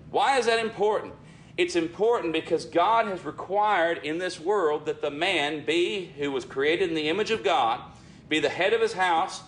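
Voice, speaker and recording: A man preaching a sermon in an earnest way, often calling his listeners friends and dropping his voice low for emphasis. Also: a bit bright, a little hiss or hum.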